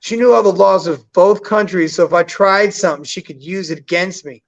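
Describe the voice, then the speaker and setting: A man telling a story in a casual, crude, blunt way, full of swearing and lively acted-out quotes. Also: high voice, brisk, vocal fry. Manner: profane, blunt, animated, acts out quotes. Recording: dull lo-fi sound.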